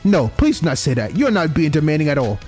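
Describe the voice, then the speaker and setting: A calm, kind young man offering help in a soft, steady tone, voiced by a man playing a game. Faint music drifts behind him. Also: fairly high pitch, fast talker. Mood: sincere. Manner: gentle, sincere, reassuring.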